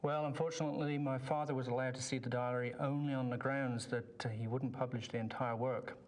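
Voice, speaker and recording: An actor playing a reserved, polite gentleman who speaks in measured, formal phrases. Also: medium pitch, steady tone, close to an everyday voice. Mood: polite, firm. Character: reserved, polite Englishman guarding his father's papers.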